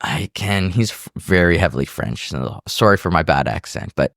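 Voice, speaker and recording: A man hosting a podcast interview, telling animated stories and acting out other people's voices in casual chat. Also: very deep voice, brisk, creaky, no echo, studio quality. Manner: animated storyteller who acts out voices. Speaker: podcast host.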